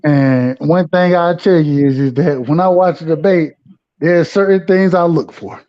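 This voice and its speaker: A man's voice: a little high, moderate pace. A man, a regular guest on a live stream, giving advice in loose slang with frequent restarts. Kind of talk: casual live-stream chat. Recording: dull lo-fi audio.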